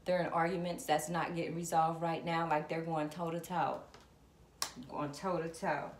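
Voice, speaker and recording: Low-voiced woman doing a tarot reading. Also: little pitch movement, moderate pace. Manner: chatty, talks straight to viewers and to spirit. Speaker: tarot reader. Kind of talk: casual tarot reading to camera. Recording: echoey room with background noise.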